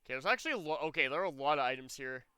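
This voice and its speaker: A man's voice: mid-range voice, lively intonation, racing, sharp tone, clear, resonant tone. A man streaming a video game, chatting casually as he plays, rambling and joking with frequent laughs. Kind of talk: casual gameplay commentary.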